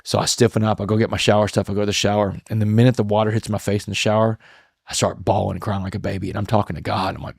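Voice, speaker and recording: A man speaks as a podcast guest, earnest and reflective as he tells his story, often stopping to restart a phrase. His voice sits low. The sound is dry and close, with no room echo. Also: little pitch movement, rapid-fire, vocal fry, slightly rough. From Texas. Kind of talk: emotional storytelling interview.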